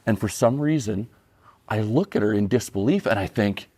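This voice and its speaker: A man from Saskatchewan, a podcast guest telling a comic story in an animated, self-deprecating way. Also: fairly low pitch, normal speed, husky, no echo. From Canada (Saskatchewan).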